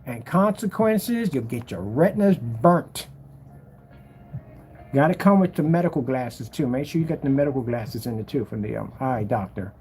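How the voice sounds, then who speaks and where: Laughing man, lively pitch. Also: moderate pace, soft background music. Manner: jokey, laughs often, mocking; slangy, exaggerated. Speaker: screen paint seller. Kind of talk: casual ranting commentary.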